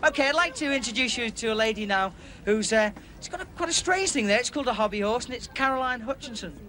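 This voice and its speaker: Guy presenter out on a beach, high voice, talks super fast and excited. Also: slight background noise. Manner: excitable, fast, chatty with children. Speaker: outside broadcast presenter. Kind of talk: lively live interviews on a beach. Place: outdoors on a crowded beach.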